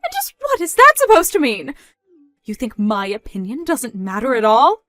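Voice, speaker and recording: A woman's voice: very animated, a little slow, dry recording, full character voice. A woman voicing a scornful, controlling middle-aged mother who mocks and scolds in a dramatized story. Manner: mocking, loud, rising in pitch when scolding.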